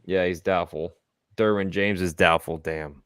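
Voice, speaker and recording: A man hosting a casual sports talk stream, animated and joking, hyping up his picks. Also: sits low, a little slow, smooth, no room sound, studio quality. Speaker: host.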